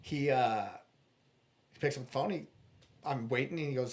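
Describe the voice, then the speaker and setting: A man's voice: mid-range voice, moderate pace, pauses often. A man guest in a podcast interview, earnestly telling a personal story and acting out the dialogue, with frequent restarts.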